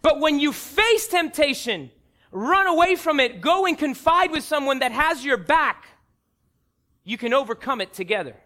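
A pastor in his thirties preaching a sermon, animated and acting out voices in his stories. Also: very high voice, moderate pace.

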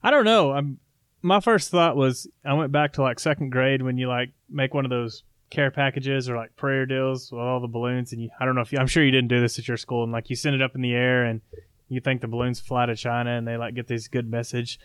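A man co-hosts a farm podcast and talks in halting, filler-heavy bits. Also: mid-range voice, fairly even intonation, a bit bright, clean tone, no echo. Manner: hesitant, many fillers. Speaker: podcast co-host. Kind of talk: casual chat.

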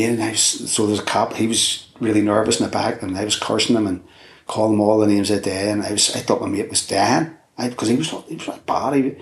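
Older Belfast man, interviewee, low gravelly voice, echoey room, telling a rambling story. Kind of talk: oral history interview. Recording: roomy echo.

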